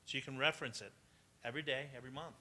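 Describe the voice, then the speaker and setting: Bright, chatty man giving a talk. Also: medium pitch, steady tone, racing, slight background noise. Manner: chatty, anecdotal, laughs often, asks the audience. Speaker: speaker at a business conference. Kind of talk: motivational talk to entrepreneurs. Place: live event venue.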